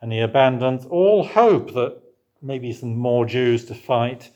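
A man's voice: mid-range voice, animated, slow, a little mellow, lo-fi sound. A man preaching a sermon in a conversational way, asking the congregation questions and answering them himself.

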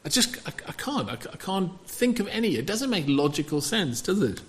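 Male preacher, sermon delivery, slightly high voice with lots of rise and fall. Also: normal speed. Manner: animated, rhetorical questions to the congregation.

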